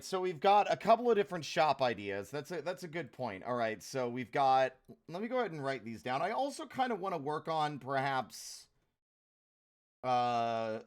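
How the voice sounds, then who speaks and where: A young adult man livestreaming, thinking aloud in a rambling casual way as he organizes his work. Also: mid-range voice. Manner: rambling, self-talking while organizing.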